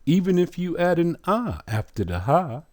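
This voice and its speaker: A man teaching pronunciation in a slow, deliberate way, drawing sounds out and putting rhetorical questions to his listeners. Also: fairly high pitch, sing-song, darkish tone. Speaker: religious teacher.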